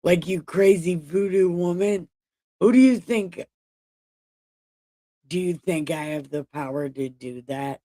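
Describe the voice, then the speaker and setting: Brief: a woman playing an indignant patriarch, crude and incredulous, pushed higher and louder than her own voice. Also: slow, long pauses. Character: exasperated indignant biblical patriarch man.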